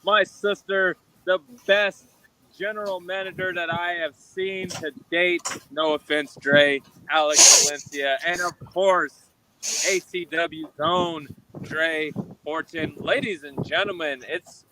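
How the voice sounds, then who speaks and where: A man's voice: on the high side, steady tone, slow pace, background noise. A man guest on a video call, delivering a bombastic, repetitive showman promo. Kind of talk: wrestling promo.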